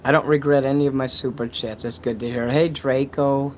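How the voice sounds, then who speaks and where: A man's voice: mid-range voice, fairly even intonation, a little fast, a little hiss or hum, low-quality recording. A man casually chatting on a livestream, reading donations and rambling with crude jokes and many restarts.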